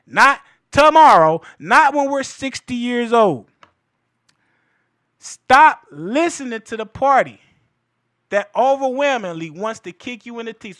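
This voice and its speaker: Man in his 30s, very high voice, sharp and bright, preachy fervent commentary, dry close sound. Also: animated, measured pace, dry recording. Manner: fervent, preachy, repeats phrases for emphasis. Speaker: political commentator. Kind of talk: heated political commentary.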